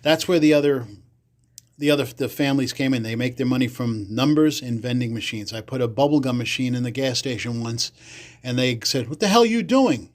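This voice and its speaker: A man from the Bronx, a podcast guest telling stories casually, acting out other people's lines with big leaps in pitch and salty language. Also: fairly even intonation, fairly quick. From the Bronx, New York. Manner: acts out quoted voices with big jumps in pitch, salty language. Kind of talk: casual storytelling.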